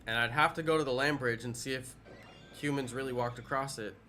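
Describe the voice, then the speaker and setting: A man's voice: medium pitch, fairly even intonation, a little fast, pushed and bright, faint music behind. A man casually chatting with viewers during a game live stream, rambling and playful.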